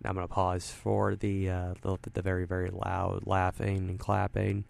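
A man's voice: low voice, completely flat delivery, moderate pace, vocal fry, a little mellow. A man hosting a radio show from a studio, talking casually and rambling, with lots of fillers. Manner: rambling, self-deprecating, full of fillers. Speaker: radio host. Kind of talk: casual on-air talk. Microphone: studio mic, wearing headphones.

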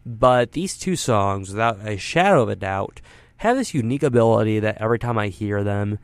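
On air in a studio, headphones on and speaking into a studio mic, a radio host chats casually with a fairly low, animated voice at a moderate pace. He rambles, makes self-deprecating remarks, and uses lots of fillers, all in a dry recording.

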